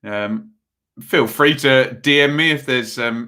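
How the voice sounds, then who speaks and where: A man runs a live football watch-along stream, calling the action in a loose, chatty way. His bright voice has an edge of force as he rambles between the play and viewers' messages. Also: mid-range voice, slow. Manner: casual play-by-play mixed with reading viewer messages; rambling and chatty, with frequent fillers.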